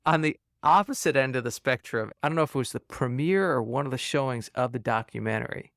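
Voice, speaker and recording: A man's voice: medium pitch, fast talker, a bit bright, no echo, clean studio sound. Attentive male interviewer. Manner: attentive, reacts with short laughs. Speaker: host, interviewer. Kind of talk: casual interview.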